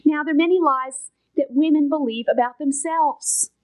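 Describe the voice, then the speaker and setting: High-voiced woman preaching earnestly. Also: moderate pace, low-quality recording. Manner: earnest, emphatic, with soft whispered asides. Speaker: Bible teacher. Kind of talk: sermon.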